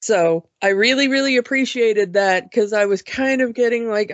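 A woman's voice: a little high, normal speed, no echo, lo-fi sound. A woman co-hosting a casual talk show about cartoons, chatty and enthusiastic, often restarting her sentences. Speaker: podcast co-host. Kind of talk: casual cartoon review chat.

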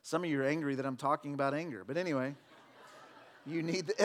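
A pastor preaching a sermon, swinging between loud fervent declarations and relaxed, joking talk with the congregation. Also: male voice, fairly high pitch, fast talker. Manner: preaching with loud emphatic shouts, then conversational with jokes.

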